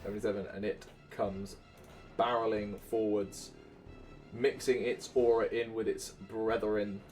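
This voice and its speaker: A man's voice: on the low side, flat delivery, a little slow, darkish tone, faint music behind. A man from Wales with a Welsh accent, narrating as dungeon master, counting dice aloud and humming filler sounds. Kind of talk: narrating a tabletop game.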